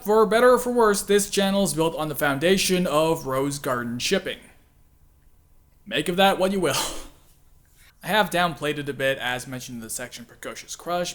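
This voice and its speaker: A man's voice: fairly high pitch, fairly bright tone. A man hosting a casual video commentary, chatty and self-deprecating, with frequent laughs and filler words. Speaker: channel host and voice actor.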